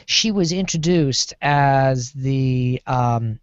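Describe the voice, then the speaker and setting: A man on a TV discussion panel, rambling and animated as he talks through a series. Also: medium pitch, very slow, smooth. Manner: rambling, lots of fillers and restarts, animated. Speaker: podcast panelist. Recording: dull lo-fi sound.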